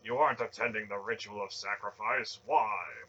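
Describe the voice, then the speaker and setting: A man's voice: on the low side, normal speed, sharp tone, dull audio. A man voicing a harsh, suspicious male temple priest who gives commands. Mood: demanding.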